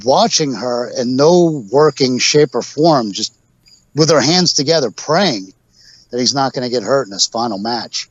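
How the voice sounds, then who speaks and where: Podcast guest, male, mid-pitched, rambling anecdotal storyteller, dry and muffled lo-fi sound. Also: lively intonation, a little slow, husky, dry recording. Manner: rambling anecdotes full of fillers. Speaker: podcast guest, pro wrestler. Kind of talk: casual storytelling interview. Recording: dull lo-fi podcast audio.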